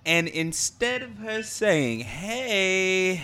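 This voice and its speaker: A man co-hosts a casual podcast chat in a mid-range, expressive voice, speaking unhurriedly over crowd noise. He is laid-back, laughs often, and tends to trail off with filler words.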